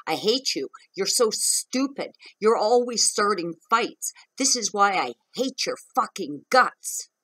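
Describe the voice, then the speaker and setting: A woman's voice: medium pitch, animated, takes it slowly, hardly any pauses, fairly bright tone, husky, pitched above the performer's own voice, exaggerated voice, rough recording. A woman acting out the words of her angry male partner, hurling contemptuous insults in a raised voice.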